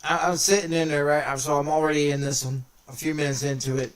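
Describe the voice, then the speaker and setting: A man's voice: a little high, little pitch movement, echoey room, far from the mic. A man casually telling a story on a stream, stumbling with fillers and restarts. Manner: halting, filler-heavy. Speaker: friend on stream.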